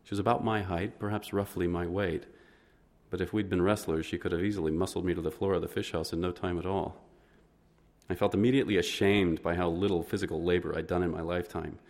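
A man narrating an audiobook in the first person, measured and understated. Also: low voice, steady tone, a little mellow.

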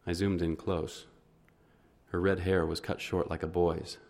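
Deep-voiced male audiobook narrator. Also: level tone, a little mellow. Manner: measured, descriptive, understated. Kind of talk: audiobook narration, first person.

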